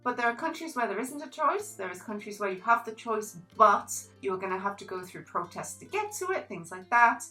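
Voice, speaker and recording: Lively, bright-voiced woman. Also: medium pitch, a little fast, few pauses, faint music behind, rough recording. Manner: animated, gushing, reads quotes aloud. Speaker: book reviewer. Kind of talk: casual book review vlog.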